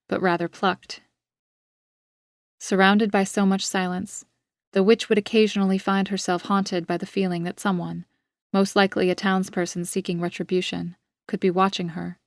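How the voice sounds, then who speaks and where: A woman reads her own dark story aloud in a steady, measured way. Her voice sits a little low and stays quite flat in pitch. The recording is close and dry, with no room sound. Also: dry recording. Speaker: author and narrator. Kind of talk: scripted audiobook narration.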